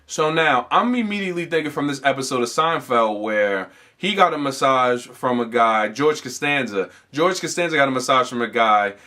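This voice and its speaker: Bright-voiced rambling male podcast host. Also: medium pitch, expressive, moderate pace, few pauses. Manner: rambling, profane, with frequent fillers and restarts. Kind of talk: casual comedic storytelling.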